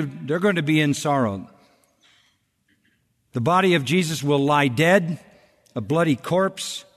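A man's voice: on the high side, in a large hall. A man preaching a sermon in an earnest expository manner, stressing points with repetition. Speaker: pastor.

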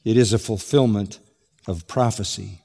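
Emphatic preacher in a reverberant hall. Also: male voice, lowish voice, moderate pace, vocal fry, warm tone, husky. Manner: emphatic, rising to exclamation on key points. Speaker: pastor. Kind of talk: expository sermon.

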